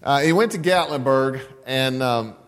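A man preaching a sermon, telling a story slowly and emphatically, repeating key lines. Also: mid-range voice, a bit bright, clear, resonant tone, long reverb tail. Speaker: pastor.

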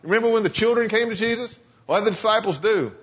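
A man's voice: high voice, fast talker, a bit bright, slightly rough. A male pastor preaching a sermon in a church, telling scripture stories with dramatic flair. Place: church sanctuary. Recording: echoey church sanctuary, dull lo-fi sound.

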